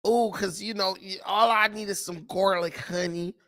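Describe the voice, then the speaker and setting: A man's voice: high-pitched, a little slow. A man putting on a mocking impression of a slangy woman, with exaggerated, sneering mimicry.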